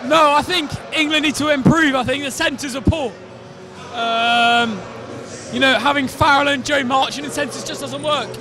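A male rugby fan calmly giving his view of the team outdoors after a match. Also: very high voice, normal speed, faint music behind. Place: outdoors outside a stadium.

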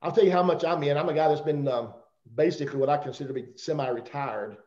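A middle-aged man with a Southern accent gives a rambling, joking motivational talk as a guest speaker on a company video call. His voice is a little high, fast, and a little mellow, and the call audio sounds roomy and dull.

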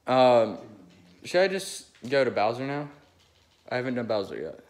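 Recorded on a phone, a young amateur impressionist chats and rambles eagerly between his impressions, restarting often. His mid-range voice swings widely in pitch at a moderate pace.

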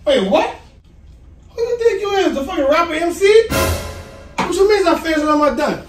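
Man, high animated voice, loud and defensive, slangy vlog argument, music in the background. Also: moderate pace, roomy sound, far from the mic. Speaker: prank vlogger. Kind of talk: heated casual argument.

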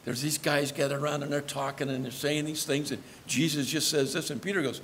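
A man's voice: a little high, normal speed, fairly bright tone, in a large hall, a little hiss or hum. A male pastor preaching a sermon in a conversational storytelling manner, acting out the lines he quotes. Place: church.

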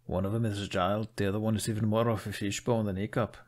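A man's voice: fairly low pitch, flat delivery, fast, a little mellow, natural voice. A man reading a fan fiction story aloud, voicing a jovial, blunt middle-aged blacksmith.

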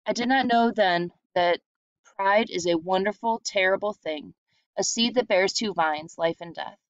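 A woman reading a short story aloud in a steady, reflective storytelling manner. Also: medium pitch, unhurried, no room sound. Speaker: reader. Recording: dull lo-fi sound.

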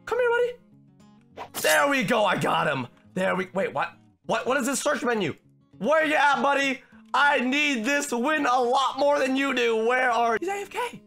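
A young man giving excitable, shouty commentary while playing a video game. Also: very high voice. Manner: shouty, reactive, frequent outbursts. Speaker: gaming video host.

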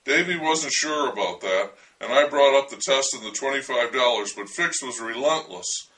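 A man's voice: mid-range voice, animated, normal speed, sharp tone, recorded from a distance, low-quality recording. A man telling a memoir story with wry, dry humor.

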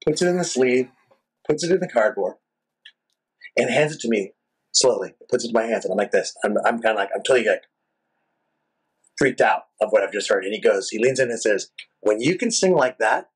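A rock singer guest telling a long, animated, profane story in a casual interview. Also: male voice, medium pitch, brisk, long pauses, husky, poor audio. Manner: animated, profane, rambling anecdotes.

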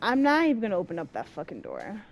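A woman's voice: mid-range voice, wildly swooping pitch, quick pace, vocal fry, dull audio. A young woman commenting on a horror game, swearing a lot and talking to the game as she plays. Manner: swearing, jumpy, talks to the game. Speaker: gamer.

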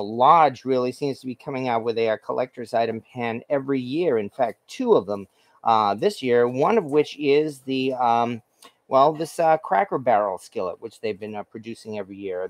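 This man speaks at a medium pitch, and the recording has no room sound. He hosts a home cooking stream, chatting casually at his stove and reading viewer comments as he cooks. His talk rambles, full of fillers, restarts and self-corrections.

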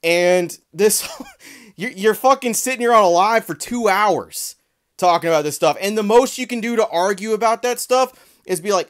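A man's voice: high-pitched, normal speed. A man delivering a heated, profane, sarcastic commentary rant in a vlog. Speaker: trading card commentary creator.

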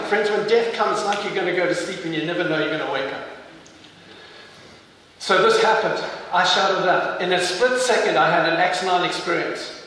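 A man's voice: on the high side, moderate pace, fairly bright tone, slight background noise. A man with a South African accent giving an intense testimony sermon, building to fervent emphasis. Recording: echoey hall, mic heard from far off.

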